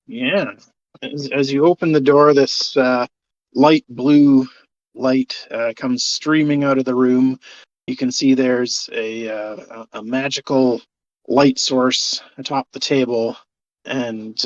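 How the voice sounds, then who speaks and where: A game master narrating a tabletop game, hesitant with many pauses and fillers. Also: medium pitch, fairly even intonation, no echo, dull audio.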